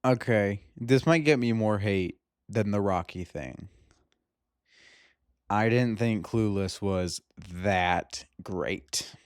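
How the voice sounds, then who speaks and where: A man's voice: on the low side, takes it slowly, smooth, no room sound, studio quality. A young man in casual chat about movies, rambling and laughing, often breaking off mid-sentence. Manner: rambling, laughing, self-interrupting. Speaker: movie review youtuber.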